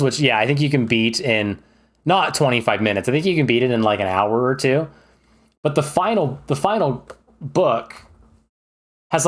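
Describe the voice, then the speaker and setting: A man streaming and ranking games, chatting in a casual, enthusiastic way with plenty of fillers and restarts. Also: medium pitch. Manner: chatty and rambling, with many fillers. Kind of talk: casual livestream commentary.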